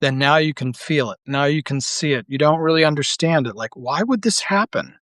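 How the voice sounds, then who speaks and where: A man's voice: fairly high pitch, expressive, a little fast, fairly bright tone, no room sound. A man delivering an unscripted monologue as an online commentator, heated and blunt, with profanity, rambling restarts and rhetorical questions.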